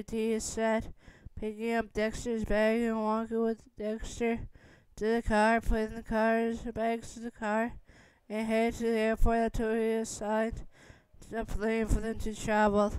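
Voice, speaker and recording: A woman reading a fan story aloud in a halting, rambling way. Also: fairly high pitch, monotone, darkish tone, smooth, no room sound. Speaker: fan fiction reader.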